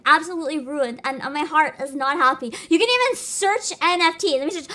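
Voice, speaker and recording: High, bright, animated streamer woman. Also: fairly quick, few pauses. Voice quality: avatar anime streamer voice. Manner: loud, laughing, swearing rants. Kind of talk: live-stream commentary with chat.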